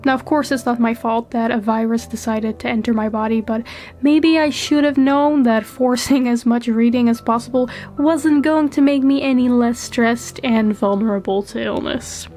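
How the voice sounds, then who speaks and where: A woman's voice: a little high, moderate pace, darkish tone, soft background music. A young woman talking casually as a book vlogger, chatty and laughing often, her voice stuffy from a heavy cold. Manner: chatty, laughs often, reads passages aloud. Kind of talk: casual vlog talk and voice-over.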